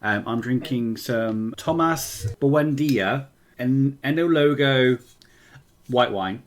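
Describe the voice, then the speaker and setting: A man's voice: medium pitch, takes it slowly. A man co-hosting a casual podcast, a little tipsy and giggly as he chats. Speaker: podcast co-host. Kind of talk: casual chat.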